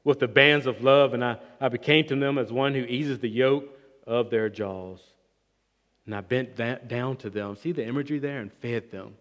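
A man preaching an expository sermon, emphatic, with swings between loud and quiet passages. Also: mid-range voice, moderate pace. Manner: emphatic, rising and falling in volume, restarts words. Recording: long reverb of a large hall.

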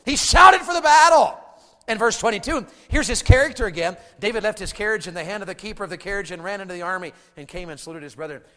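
A man preaching a sermon to a congregation. He drops to hushed asides, shouts out acted battle cries, and keeps asking the crowd to answer him. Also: sits high, racing, few pauses, long reverb tail. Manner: calls out to the congregation for responses.

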